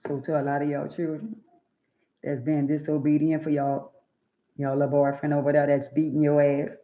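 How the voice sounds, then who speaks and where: A woman's voice: deep voice, level tone, normal speed. A woman hosting a live stream, bluntly and profanely lecturing her viewers and repeating words for emphasis. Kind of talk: preachy live-stream rant. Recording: echoey room, dull lo-fi sound.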